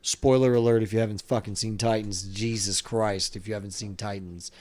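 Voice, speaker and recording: A man's voice: lowish voice, steady tone, a little fast, darkish tone. A man hosting a podcast in casual chat, rambling and swearing freely. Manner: rambling, profane, many restarts. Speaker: podcast host.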